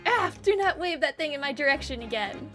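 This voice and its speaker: A woman's voice: high-pitched, expressive, a little fast, over music, voice pushed up. A woman voicing a stern elderly male judge, speaking formally and with command. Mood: indignant.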